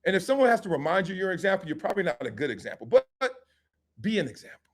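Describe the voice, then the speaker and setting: Hosting a live sports talk stream, a middle-aged man speaks in a high voice that swoops wildly. Very animated and rapid-fire, he cracks jokes, drops street slang and acts out scenes as he goes.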